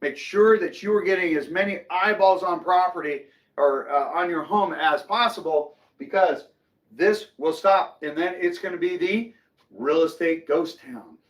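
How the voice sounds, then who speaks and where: Middle-aged man, fairly high voice, animated and chatty, opinionated real estate host. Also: measured pace. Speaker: real estate agent hosting a market update. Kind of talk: casual market commentary to camera.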